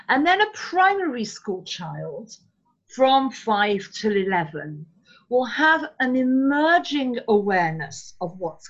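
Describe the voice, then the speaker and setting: Measured woman, lo-fi sound. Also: mid-range voice, fairly bright tone. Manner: thoughtful, measured, with frequent ums and slowed emphasis. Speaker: parenting workshop speaker. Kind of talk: live online talk. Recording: dull lo-fi sound.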